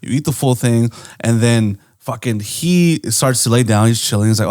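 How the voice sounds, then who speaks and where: A man co-hosting a podcast, telling a story in an animated way, often laughing and acting out voices. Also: medium pitch, moderate pace. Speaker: podcast co-host. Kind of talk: casual storytelling chat.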